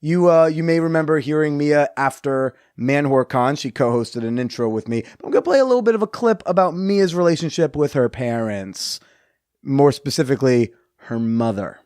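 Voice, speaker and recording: A man's voice: fairly high pitch, expressive, moderate pace, darkish tone, clear, resonant tone, no echo, clean studio sound. A man hosting a podcast, reading sponsor ads and joking in a rambling, sarcastic way. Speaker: podcast host. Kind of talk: casual podcast chat with ad reads.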